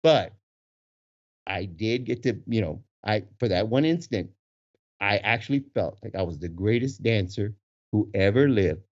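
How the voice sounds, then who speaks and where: A man in his forties with a husky voice, telling a story casually with lots of laughter. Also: on the low side, a little slow. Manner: animated, laughs often, acts out voices in quotes. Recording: dull lo-fi recording.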